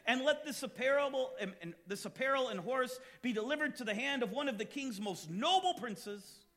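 A man preaching a sermon as pastor, reading scripture and telling stories, rising to shouts at times. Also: very high-pitched, animated, normal speed.

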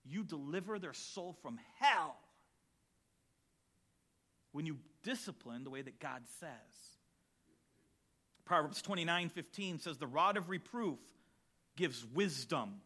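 A pastor preaching with a fiery, emphatic delivery. His voice is high and sharply bright, swinging widely in pitch as he builds to shouts on key lines. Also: lively intonation, takes it slowly, long pauses. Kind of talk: sermon.

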